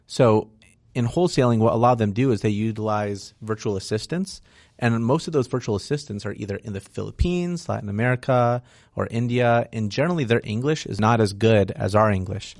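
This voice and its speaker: A man's voice: on the low side, fairly quick, a little mellow, no room sound, studio quality. A man speaking as a real estate investor guest in a casual interview, frank and explanatory, often tagging "right?" onto his points.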